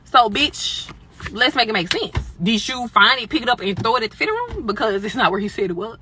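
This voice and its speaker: A woman's voice: a little high, big pitch swings, a little fast, bright, forceful tone, breathy edge. A woman telling a workplace story as an indignant, profane phone rant, acting out both sides of the argument.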